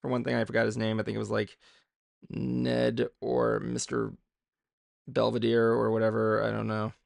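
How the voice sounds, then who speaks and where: Brief: man, heavy vocal fry, dry close sound, rambling vlog chatter while drawing. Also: mid-range voice, monotone, normal speed, no room sound. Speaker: drawing vlogger. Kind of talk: casual chat while drawing.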